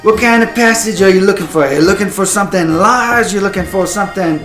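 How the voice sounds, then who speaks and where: A man's voice: fairly high pitch, expressive, moderate pace, natural voice. A man voicing an odd, twitchy male barkeeper whose way of speaking keeps shifting. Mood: eager. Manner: erratic, shifting speech. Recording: echoey room, music behind.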